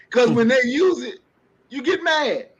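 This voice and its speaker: A man's voice: extremely high pitch, drawn-out words, husky. A man on a podcast livestream giving impassioned commentary, preaching with rhetorical questions. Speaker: panelist. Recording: dull lo-fi stream audio.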